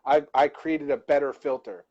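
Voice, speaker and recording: A man's voice: fairly high pitch, steady tone, moderate pace, warm tone, muffled recording. A man co-hosting a live-stream talk, reflecting on a personal insight and searching for words as he goes. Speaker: co-host.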